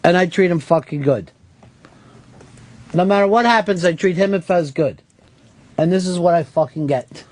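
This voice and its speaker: A man's voice: high-pitched, normal speed, pauses often, darkish tone, slight background noise. A middle-aged man hosting a radio show, ranting angrily and swearing at a caller. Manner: profane, heated, scolding. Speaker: radio host. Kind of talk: angry on-air rant. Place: radio studio. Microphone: studio microphone.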